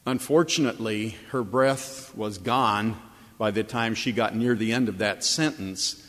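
A man's voice: on the low side, a little slow, fairly bright tone, big-room sound. A man preaching a sermon as pastor, telling a story earnestly and building to emphatic, repeated points. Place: church or chapel.

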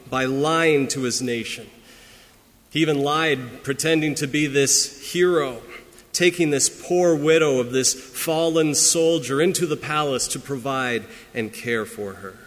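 A man preaching a sermon as pastor, earnest and emphatic, pressing some lines hard and dropping others to a hush. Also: medium pitch, big-room sound.

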